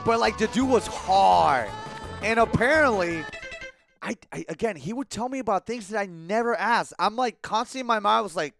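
A man's voice: high voice, animated, moderate pace, vocal fry, a bit bright, faint music behind. A young man streaming a game and rambling through a casual story, with lots of likes and restarts.

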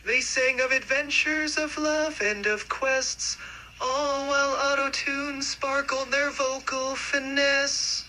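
A man's voice: very high-pitched, steady tone, slow, bright, forceful tone, slight background noise. A man's voice from an AI assistant, obligingly performing requests in different styles. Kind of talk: synthetic voice demo performing requests.

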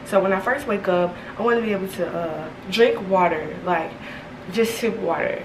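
A woman's voice: mid-range voice, normal speed, noisy background. A young woman, rambling through a candid vlog at home, her speech slightly slurred by retainers. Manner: rambling, frequent "like" and "y'all". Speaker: vlogger. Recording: echoey room, distant mic.

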